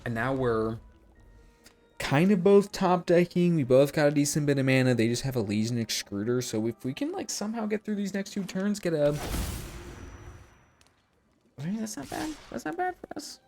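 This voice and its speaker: A man streaming a card game, giving live gameplay commentary while talking to his chat in a self-mocking, animated way. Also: fairly high pitch, moderate pace, pauses often, faint music behind.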